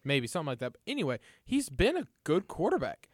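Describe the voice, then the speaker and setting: A man's voice: a little high, huge pitch swings, quick pace, no echo. Guy running a football pick show, upbeat, slightly sick, dry close sound. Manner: leads the talk, upbeat and chatty. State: a bit under the weather. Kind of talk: casual sports chat.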